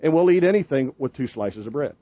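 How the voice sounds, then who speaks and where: A man co-hosting a radio show in joking banter, stammering and restarting loudly, with a husky voice. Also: mid-range voice, expressive, fairly quick, dry recording, lo-fi sound. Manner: stammering, loud and jokey with repeated restarts. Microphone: studio mic.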